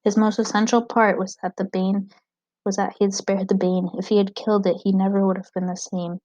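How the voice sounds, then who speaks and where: A woman reading a novel aloud, narrating in a steady, even way. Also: mid-range voice, fairly quick, no echo, highs cut off. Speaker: audiobook reader.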